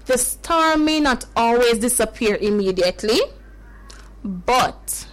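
A woman's voice: a little high, a bit bright, poor audio. A woman telling a Bible story to children in a dramatic way, gasping and exclaiming as she goes. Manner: slow and drawn out.

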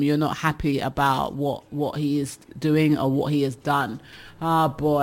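Lively woman hosting an advice show. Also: sits low. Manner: lively, laughing, teasing listeners. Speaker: radio advice show host. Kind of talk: casual advice chat reading listener messages.

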